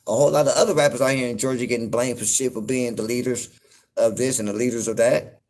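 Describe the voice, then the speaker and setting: A man hosting his own show, talking in a loose, rambling commentary full of fillers and cursing, getting loud and incredulous when something riles him. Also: medium pitch, fairly even intonation, fast talker. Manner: laid-back, rambling, frequent fillers and profanity. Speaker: podcast host. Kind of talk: casual commentary monologue.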